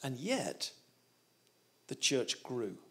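A man's voice: medium pitch, huge pitch swings, drawn-out words, fairly bright tone. A man, a guest preacher telling a humorous story in a sermon.

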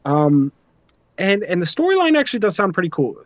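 A man's voice: high-pitched, huge pitch swings, a little fast, no echo. A man hosting a casual podcast, talking through his notes and giving his opinions freely. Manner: talkative, reads notes, opinionated. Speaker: podcast host.

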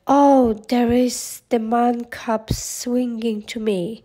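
A woman voicing a sly, hungry male snake in a storybook read-aloud, slow and hissing as she coaxes. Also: on the high side, steady tone, warm tone. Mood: coaxing.

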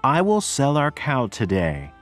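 A man voicing a poor, eager young farm boy in a slow storybook reading. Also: medium pitch, huge pitch swings, soft background music, voice pushed up.

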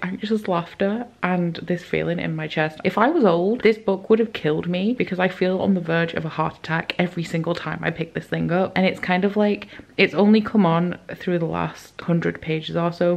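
A young woman with a British accent, vlogging her reactions while reading, swearing and swinging between excited squeals and anxious whispers. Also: fairly low pitch, creaky. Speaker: book vlogger. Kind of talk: emotional reading-reaction vlog.

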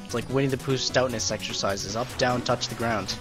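Dude narrating his game run, jokey and self-deprecating, game music playing quietly. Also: medium pitch, steady tone, fairly quick. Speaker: let's play host. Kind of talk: casual gameplay commentary. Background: faint game music.

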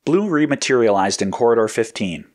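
A man reading a scripted action story aloud in a steady, descriptive manner. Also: mid-range voice, fairly quick. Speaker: narrator.

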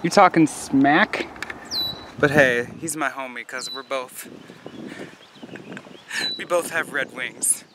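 A man's voice: mid-range voice, slow, pauses often, background noise. A man in his twenties, vlogging outdoors in a goofy, self-mocking, rambling way. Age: 20s. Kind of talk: joking outdoor vlog. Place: outdoors on a nature trail.

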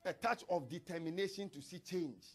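High-voiced male pastor preaching. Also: normal speed, slightly rough. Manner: preaching with scripture reading and tongues. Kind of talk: sermon. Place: church.

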